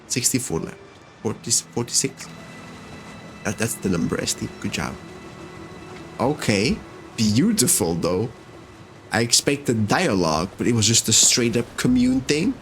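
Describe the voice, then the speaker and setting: A man talking his way through a game session, chatting to the characters as he goes. His delivery is slow and relaxed, but his pitch swings about animatedly. Soft game music plays faintly underneath. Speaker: let's-play host. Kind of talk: gameplay commentary.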